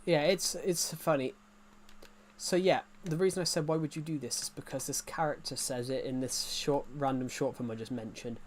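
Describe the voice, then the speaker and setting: A man's voice: mid-range voice, steady tone, normal speed. A young man with an English accent chatting casually on a game stream, rambling with many restarts and fillers. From England. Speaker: gaming streamer. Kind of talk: casual live-stream chat.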